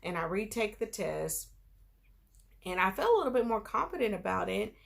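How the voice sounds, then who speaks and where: A woman's voice: mid-range voice, sing-song, normal speed, vocal fry. A woman vlogger telling a personal story in a casual, chatty way, full of filler phrases.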